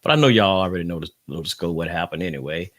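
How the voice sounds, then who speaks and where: A man hosts a casual livestream podcast in a somewhat low voice. He rambles loosely and talks straight to his listeners. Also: expressive, very fast, a bit bright. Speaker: podcast host.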